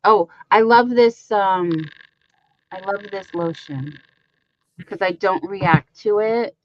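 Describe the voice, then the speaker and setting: A woman's voice: medium pitch, slow pace, lo-fi sound, slight background noise. A woman co-hosting a crochet livestream, talking in a chatty, rambling way with lots of fillers. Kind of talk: casual livestream chat.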